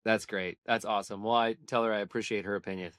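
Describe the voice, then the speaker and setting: A man's voice: lowish voice, steady tone, fast, fairly bright tone, smooth, no echo, clean studio sound. A man hosting a podcast in a casual interview chat, easygoing and joking now and then. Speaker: podcast host.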